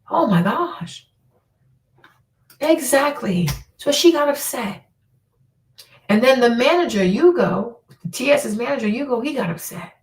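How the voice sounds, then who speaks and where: Woman podcast host, blunt and exasperated, higher voice, mic set back in an echoey room. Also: expressive, unhurried, pauses often. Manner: blunt, exasperated, drops into whispers for emphasis. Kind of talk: opinionated casual monologue. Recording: roomy echo from a distant mic.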